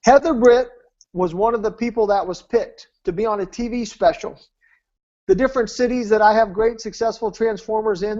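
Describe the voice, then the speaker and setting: Guy pitching his program on a video call, punchy and repeats himself a lot, muffled lo-fi audio. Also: darkish tone. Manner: emphatic, repetitive preacher-like delivery. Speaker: weight-loss program presenter. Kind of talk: storytelling sales talk.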